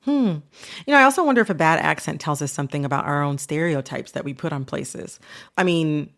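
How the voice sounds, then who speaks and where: A woman's voice: fairly low pitch, vocal fry. A woman hosting a podcast, chatting casually and animatedly with lots of "like"s. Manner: casual and animated, many filler "like"s. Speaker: podcast host. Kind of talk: conversational podcast chat.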